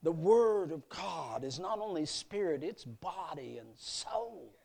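A male preacher giving a sermon at a youth meeting, telling a story with emphatic swells and soft drops. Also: fairly high pitch, lively intonation, takes it slowly, vocal fry. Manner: emphatic storytelling that rises and falls.

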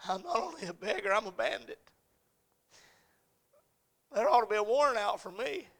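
A man preaching a sermon with passion, in rhythmic, repeated phrases that move from hushed to shouting. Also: high-pitched, sing-song, normal speed. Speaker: pastor.

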